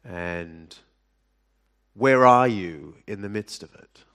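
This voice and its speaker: Slow, deliberate low-voiced male preacher. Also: fairly bright tone, smooth. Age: adult. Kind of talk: sermon to a live audience.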